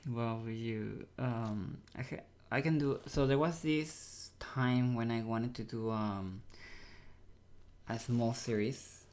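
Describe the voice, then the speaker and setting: Mexican-accented man, halting and searching. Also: medium pitch, a little mellow. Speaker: actor guest. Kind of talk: casual interview chat.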